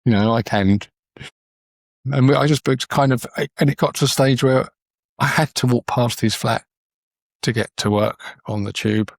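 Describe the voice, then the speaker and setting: A man's voice: medium pitch, moderate pace, creaky, no room sound. A man, a documentary photographer telling stories as a podcast guest in an earnest, rambling way. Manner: rambling, frequent restarts, earnest. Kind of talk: casual conversational storytelling.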